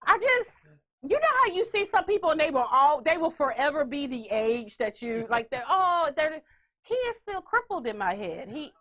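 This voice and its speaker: Woman host, high and lively, loud playful storyteller. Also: moderate pace. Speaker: podcast host. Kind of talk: casual chat.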